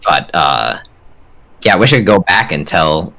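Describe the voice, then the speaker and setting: Young guy on a podcast, low deep voice, bright edge, earnest and thinking aloud. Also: sing-song, normal speed, creaky. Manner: earnest, thinks out loud with restarts. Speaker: podcast co-host. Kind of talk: casual chat.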